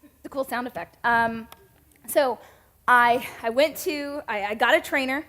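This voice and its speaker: A woman's voice: fairly high pitch, a little slow, a bit bright. A woman in her thirties with a Southern American accent, giving a chatty, self-mocking sermon talk to a women's church group. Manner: chatty, self-mocking, with laughs and playful asides.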